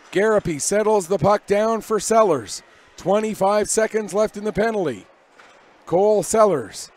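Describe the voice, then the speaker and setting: A man doing live hockey play-by-play commentary from above the ice, with rapid, energetic calls that rise on big plays. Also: high-pitched. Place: arena broadcast position above the ice.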